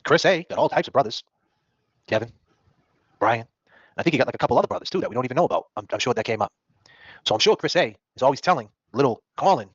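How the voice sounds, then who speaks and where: A man hosting a casual true-crime talk show, talking rapidly and acting out the people he quotes. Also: medium pitch, husky, dry recording. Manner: rapid, animated, acts out quoted people in put-on voices. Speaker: podcast host. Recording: dull, dry lo-fi stream audio.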